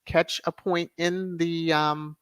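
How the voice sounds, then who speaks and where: A woman's voice: on the low side, flat delivery, slow, a bit bright, clear, resonant tone, no room sound. A woman hosting a livestream commentary show. She talks emphatically and repeats words for sarcastic stress. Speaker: host of a royal news commentary channel.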